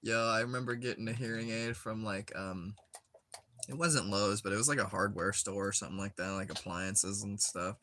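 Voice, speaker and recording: A man's voice: lowish voice, fairly even intonation, moderate pace, pushed and bright, a little hiss or hum. A young man chatting casually while he plays a game, rambling with lots of filler words and frequent giggles. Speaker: gaming streamer.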